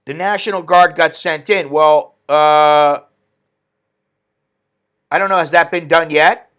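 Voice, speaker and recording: Man, ranting commentary host, indignant, fairly high voice. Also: fairly even intonation, slow, fairly bright tone. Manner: ranting, indignant, reads chat aloud. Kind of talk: opinionated live-stream commentary.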